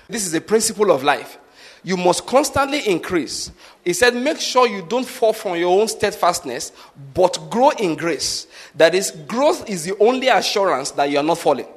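A man's voice: high voice, a bit bright. A man preaching a sermon, teaching with practical examples and often asking the congregation whether they follow his point. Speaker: pastor.

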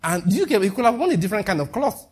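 Man, preacher, sermon, husky, slightly high voice, rhetorical questions. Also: rapid-fire. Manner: rhetorical questions, animated, laughs at own jokes.

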